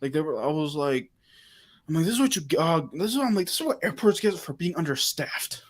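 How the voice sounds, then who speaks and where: A high-pitched man in casual livestream chat. He tells stories with animation, acting out what everyone said in reported dialogue. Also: fast. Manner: animated storyteller, quoting himself and others in reported dialogue. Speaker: livestream host.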